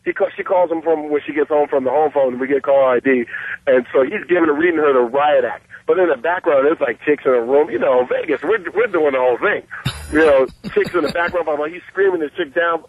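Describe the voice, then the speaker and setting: A man's voice: on the high side, a little fast, slightly rough, no echo. A brash, boastful middle-aged man calling in to a radio show and telling a long story. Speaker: caller. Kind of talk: phoned-in storytelling. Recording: muffled phone line.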